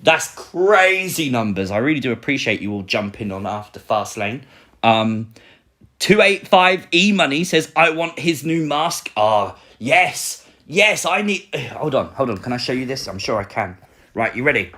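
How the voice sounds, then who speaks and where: A young man from Britain hosting a casual live stream, excitably reading out and answering viewer comments. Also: mid-range voice, measured pace. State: recovering, a little sore.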